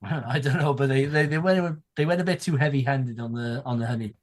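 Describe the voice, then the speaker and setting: Unhurried British man telling a story. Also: medium pitch. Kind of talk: casual group chat.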